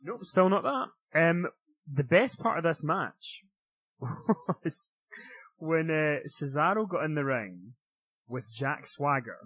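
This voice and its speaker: Man, lively laughing co-host. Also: slow pace, slightly rough, dry recording. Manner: laughs often, mimics others in shrill voices. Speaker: podcast co-host. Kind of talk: casual wrestling chat. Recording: slightly muffled audio.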